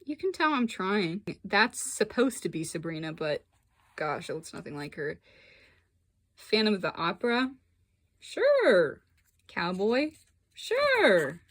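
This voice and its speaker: A woman's voice: fairly low pitch, normal speed, no echo. A young woman giving a casual, self-mocking tour of her old sketchbook as a vlogger. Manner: chatty, self-mocking, animated. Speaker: artist and vlogger.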